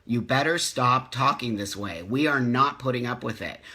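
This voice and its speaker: A man's voice: mid-range voice, moderate pace, pushed and bright. A middle-aged man hosting a live stream, speaking with passion and repeating himself for emphasis as he reads viewer comments. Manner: impassioned, emphatic repetition. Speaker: host.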